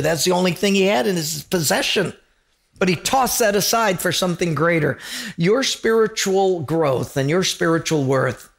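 Gravelly-voiced male preacher, conversational. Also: high-pitched, fairly bright tone. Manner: conversational, emphatic, with frequent rhetorical questions. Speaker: pastor. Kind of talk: sermon.

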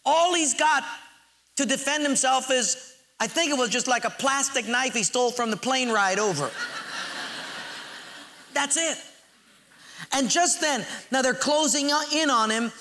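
A man preaching a sermon, telling a story with animated acted-out quotes and slowing to stress key phrases. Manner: animated storytelling, acts out quotes with big pitch jumps.

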